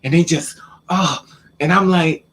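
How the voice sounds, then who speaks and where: A man telling a personal story in a casual vlog, talking in an animated way with stammering repeats and acting out the lines of the people in it. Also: a little high, unhurried. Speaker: vlogger.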